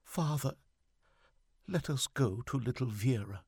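A man's voice: huge pitch swings, takes it slowly, creaky, fairly bright tone, breathy edge, no echo, clean studio sound, exaggerated voice. A man voicing a sobbing, timid, kind mother in an audiobook reading, pleading in a raised, thin voice. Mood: tearful pleading. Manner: pleading, tearful, high falsetto-like lift.

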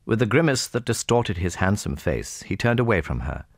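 Deep, gravelly male audiobook narrator. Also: no room sound, studio quality. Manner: measured, expressive storytelling. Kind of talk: scripted narration of a classic novel.

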